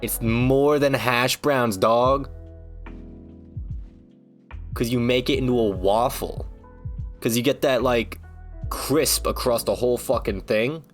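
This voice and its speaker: A man's voice: mid-range voice, slow pace, pauses often, soft background music. A man streaming, ranting casually in a rambling, joking, foul-mouthed way. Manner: rambling, profane, joking rants.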